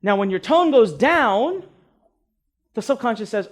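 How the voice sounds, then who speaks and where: A man's voice: high-pitched, big pitch swings, a little slow, long pauses. A man teaching a live seminar to an audience as a marketing instructor, emphatic and repeating words, often asking "right?".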